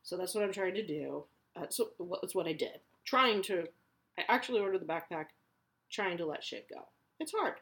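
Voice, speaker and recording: Woman, 30s, podcast host: casual, frank, salty talk, lower register. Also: animated, normal speed, gravelly, fairly bright tone. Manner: chatty, candid, swears freely. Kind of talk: casual personal chat.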